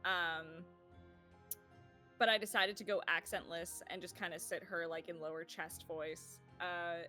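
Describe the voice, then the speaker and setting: Chatty woman with a bright voice. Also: on the low side, flat delivery, unhurried, faint music behind. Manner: chatty, laughing, many fillers. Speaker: player of a tabletop game. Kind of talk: casual chat about character voices.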